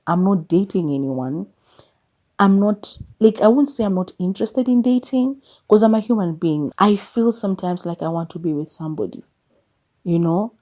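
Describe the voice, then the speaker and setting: A woman's voice: mid-range voice, expressive, moderate pace, mellow. A Kenyan woman in her thirties hosting a podcast, speaking candidly and confessionally about her life, now and then breaking into exasperated emphasis and slipping in Swahili phrases. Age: 30s. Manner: mixes English with Swahili phrases. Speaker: podcast host. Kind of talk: personal reflective monologue.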